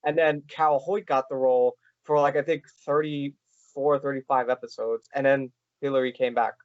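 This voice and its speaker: A man hosting a podcast interview, talking in halting runs with many fillers. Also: medium pitch, steady tone, a little mellow, dry recording, highs cut off. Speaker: podcast host. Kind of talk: casual interview chat.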